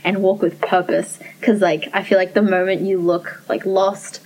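A woman's voice: mid-range voice, level tone, normal speed, darkish tone, rough recording. A young woman in casual conversation, lacing her speech with "like" as she thinks aloud. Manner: peppers speech with "like", thoughtful. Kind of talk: casual chat.

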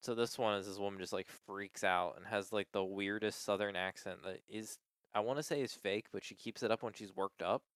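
Low, smooth-voiced man telling stories. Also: fairly quick, dry recording, clean studio sound. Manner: animated storyteller, acts out quoted people in high voices, heavy use of "like". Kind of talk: casual chat.

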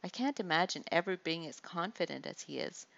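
An eager teenage boy in soldier training, earnest and keen, read by a woman. The voice is low and slightly gravelly. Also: lively intonation, a little fast, fairly bright tone, lo-fi sound.

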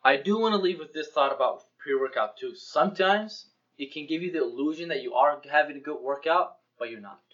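A young man co-hosting a casual podcast, telling lively stories and acting out dialogue with plenty of swearing. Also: on the high side, a little fast. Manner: animated storyteller, acts out dialogue, swears freely. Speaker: podcast co-host. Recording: dull lo-fi podcast audio.

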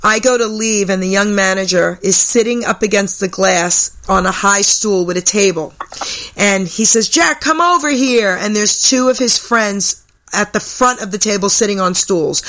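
An older woman hosting a radio talk show, telling a personal story in a chatty way. Her voice is bright and clear. She acts out the people she quotes. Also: medium pitch, moderate pace. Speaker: radio host. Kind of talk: storytelling chat. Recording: radio broadcast.

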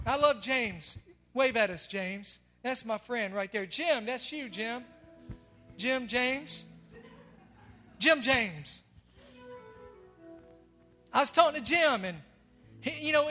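Pastor mid-sermon, high and bright, loud emphatic declarations between soft asides, long hall reverb. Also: male voice, normal speed. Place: church sanctuary. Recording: long reverb of a large hall, faint music.

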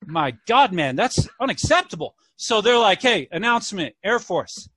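A man chatting on a podcast, telling a story and jumping into voices for each person in it. His voice is bright and forward, pitched a little high for a man. The sound is dry and close, with no room behind it. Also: normal speed, husky, dry recording. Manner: animated, acts out characters in voices. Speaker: podcast co-host. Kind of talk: casual storytelling chat.

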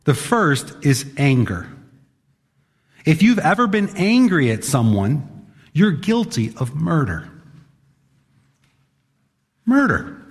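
A man's voice: on the high side, very animated, slow pace, long pauses, slightly rough. A male pastor preaching a sermon in a conversational, emphatic way, sometimes acting out the voices of others. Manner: emphatic, conversational, acts out quotes. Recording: long hall reverb.

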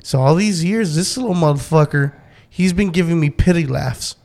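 A man's voice: on the high side, normal speed, creaky, a little mellow. A man hosting a podcast, telling stories full of swearing and laughing as he goes. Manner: profane storytelling, laughs a lot, acts out voices. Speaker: podcast host. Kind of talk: casual podcast chat.

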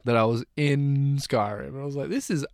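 A man's voice: mid-range voice, fairly quick, a little mellow, no echo, studio quality. A man co-hosting a casual podcast chat, laid-back and swearing often. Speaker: podcast co-host.

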